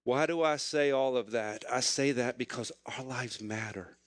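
A middle-aged man preaches to his congregation, weaving a personal story into an earnest, emotional sermon. His voice sits in an ordinary middle pitch. The sound is close and dry, with no room echo. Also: normal speed. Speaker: pastor.

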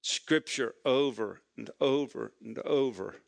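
A man's voice: medium pitch, takes it slowly, gravelly, no room sound. A man preaching a sermon as a pastor, telling stories in a conversational way and repeating phrases for emphasis.

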